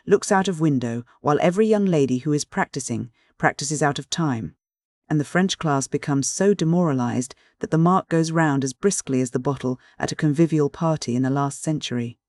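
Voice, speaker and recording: Measured audiobook narrator, dry close sound. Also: mid-range voice, a little mellow, no room sound.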